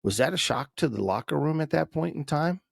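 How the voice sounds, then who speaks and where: A man's voice: fairly high pitch, animated, fairly quick, vocal fry. A man hosting a podcast, asking long, setup-style questions of a guest. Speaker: podcast host. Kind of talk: interview questions.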